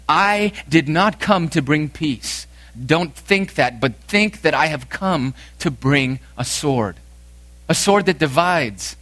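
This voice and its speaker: A man preaching a sermon, emphatic, repeating lines for force, swinging from loud to hushed. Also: on the high side, no room sound. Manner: emphatic preaching with dramatic swings in loudness and repetition. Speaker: pastor.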